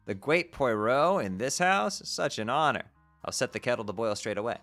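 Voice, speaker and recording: A man's voice: medium pitch, animated, normal speed, a bit bright, soft background music. A man voicing a teenage girl who puts on a fussy, dainty French detective act, offering polite pleasantries. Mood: flattered. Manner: prim, fussy hostess pleasantries.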